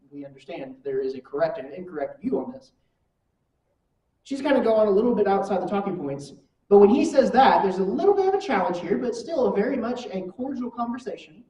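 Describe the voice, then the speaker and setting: A woman leads a church class in an easygoing way, putting question after question to her listeners. Her voice is soft and mellow. She sounds set back from the microphone in a roomy, echoing space. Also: on the low side. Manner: asks the class rhetorical questions. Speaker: Bible class teacher. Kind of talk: conversational church lesson. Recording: echoey room from far mic.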